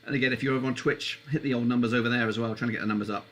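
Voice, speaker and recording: A man hosting a live football watchalong stream, chatting casually and getting excitable, his voice leaping up whenever a chance comes. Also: racing, slight background noise. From England. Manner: excitable, voice leaps up high on chances.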